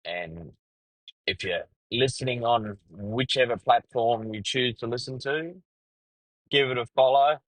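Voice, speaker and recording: On his podcast, a middle-aged Australian ex-trucker tells a crude, easygoing story about his truck-driving days, swearing freely. His voice is fairly low and fairly bright, and the recording is dry and low-quality.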